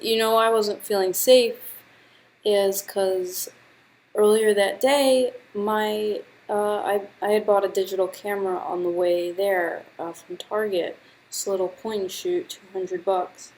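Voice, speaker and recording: A woman's voice: medium pitch, steady tone, measured pace, a little mellow, a little hiss or hum, rough recording. Young woman with a sore throat, chatty. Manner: chatty and dramatic, heavy use of "like". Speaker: vlogger. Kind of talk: casual storytelling to camera.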